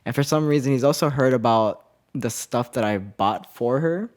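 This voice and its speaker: A man's voice: medium pitch, normal speed, darkish tone. Laid-back young man telling a story. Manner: laid-back storytelling, laughs often, swears casually. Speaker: podcast co-host. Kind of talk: casual chat.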